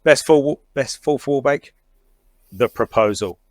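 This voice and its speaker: A man's voice: mid-range voice, slow pace, darkish tone, no room sound. A man co-hosting a casual movie review podcast, enthusiastic and acting out film lines. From outside the United States. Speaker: podcast co-host.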